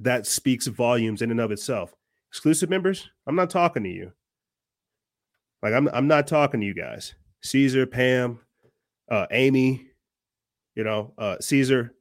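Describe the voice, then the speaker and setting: A man's voice: mid-range voice, no room sound, studio quality. Fiery, preachy male podcast host. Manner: earnest, fiery, preachy ranting with restarts. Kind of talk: impassioned monologue.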